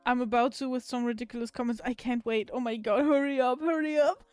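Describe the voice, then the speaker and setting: A woman's voice: fairly high pitch, fairly even intonation, fast talker, a little mellow, smooth, no echo, faint music behind. Giggly woman chatting with stream viewers. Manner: giggly, laughs often, swears casually. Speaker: livestreamer. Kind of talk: casual chat with viewers.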